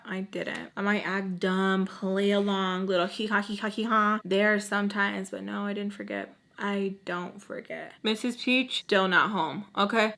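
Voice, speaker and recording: Brief: young adult woman, sassy storyteller, chatty and direct with viewers. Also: medium pitch. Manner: sassy, lively, talks straight to the viewer. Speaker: YouTuber telling a personal story. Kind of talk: casual storytime monologue.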